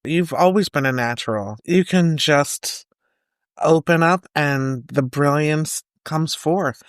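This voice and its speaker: A middle-aged American woman, a guest on a podcast, talking in a relaxed, wry and joking way. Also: sits low, slow pace, no echo, studio quality. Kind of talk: casual podcast chat.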